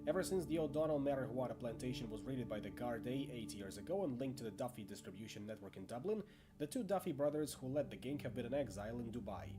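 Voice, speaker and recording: Animated man narrating a tabletop game. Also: mid-range voice, quick pace. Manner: chatty asides, stumbles over names. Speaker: game master. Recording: music playing under voice.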